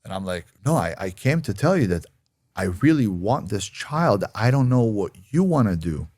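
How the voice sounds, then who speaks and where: A man telling a personal story in casual podcast talk, excitably acting out what others said to him. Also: normal speed, noisy background. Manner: excitable, acts out others' lines in a high voice.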